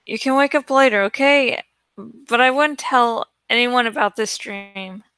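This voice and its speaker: A woman voicing a teenage boy who calmly reassures a frightened stranger. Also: a little high, measured pace, smooth, no room sound. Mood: reassuring. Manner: soothing, reassuring.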